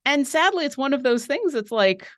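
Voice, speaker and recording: A woman's voice: high voice, lively intonation, no echo, clean studio sound. A woman co-hosting a live painting stream, reading viewer questions and chatting in a rambling, talkative way. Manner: chatty and rambling, quick asides.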